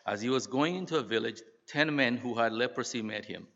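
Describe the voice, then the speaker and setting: An older man, a pastor, preaching a sermon in a church in an earnest, halting way. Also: mid-range voice, fairly bright tone. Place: church sanctuary. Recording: dull sound with long hall reverb.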